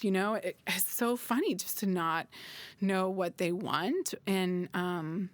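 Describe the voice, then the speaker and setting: Woman in her 30s telling a story slowly, hesitant, dry close sound. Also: mid-range voice, dry recording. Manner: thoughtful, hesitant. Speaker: adoptive mother. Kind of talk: casual storytelling.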